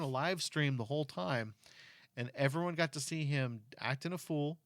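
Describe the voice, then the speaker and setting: A middle-aged man chatting casually with his kid, telling stories in an animated way and turning earnest and cautionary on safety. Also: on the high side, moderate pace, dry recording, studio quality. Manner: animated storyteller who acts out quotes; earnest and cautionary when talking about safety. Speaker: parent talking with his kid. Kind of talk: casual chat.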